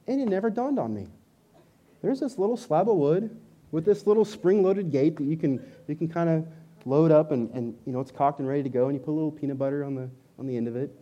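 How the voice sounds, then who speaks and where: A somewhat high-pitched man preaching to a congregation. He tells stories with animated energy and shouts out his own exclamations. He sounds like he is in his thirties. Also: fast. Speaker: pastor. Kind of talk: sermon.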